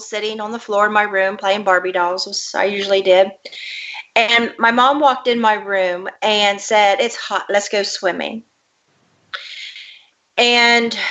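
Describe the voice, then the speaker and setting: A woman's voice: mid-range voice, bright, forceful tone. A woman guest recounting a personal childhood memory in an earnest, detailed way. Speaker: interview guest, author. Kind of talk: personal storytelling. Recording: dull lo-fi audio.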